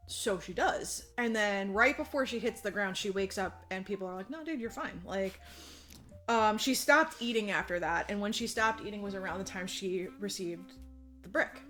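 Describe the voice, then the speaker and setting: A woman's voice: mid-range voice, moderate pace, soft background music. A woman co-hosting a podcast, casually retelling a story with lots of fillers and acted-out quotes. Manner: animated retelling, frequent fillers, acts out quotes. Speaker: podcast co-host. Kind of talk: casual chat.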